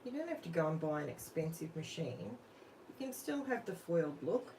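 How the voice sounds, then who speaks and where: A woman's voice: deep voice, big pitch swings, moderate pace, far from the mic. An Australian woman hosting a live crafting stream, chatting casually and thinking aloud while she works, asking viewers questions. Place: home craft room. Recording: off-mic with faint room noise.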